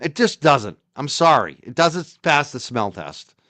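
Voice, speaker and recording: A man hosting a live stream, reacting to a video in loud, heated commentary and ranting close to his mic. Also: medium pitch, big pitch swings, measured pace, no echo.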